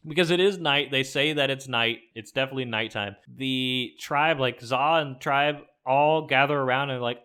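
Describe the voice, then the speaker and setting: Guy rambling through an episode recap, bright kinda sharp tone, laughs a lot, says like constantly. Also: mid-range voice, normal speed, few pauses, clean tone. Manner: rambling and chatty, laughs often, filler words. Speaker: podcast host recapping an episode. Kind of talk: casual chat.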